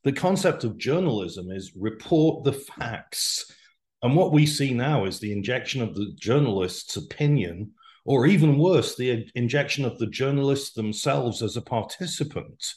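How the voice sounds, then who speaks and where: A man around sixty, a podcast guest giving his opinions in a deliberate, emphatic way. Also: medium pitch, expressive, darkish tone. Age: 60s. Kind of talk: casual podcast conversation.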